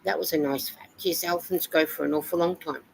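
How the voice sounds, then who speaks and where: A woman's voice: low-pitched, fairly even intonation, fairly quick, vocal fry, slight background noise, low-quality recording. An Australian woman hosting a live stream, chatting casually and reading out viewer comments and weather reports. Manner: chatty, reads comments and weather aloud with fillers.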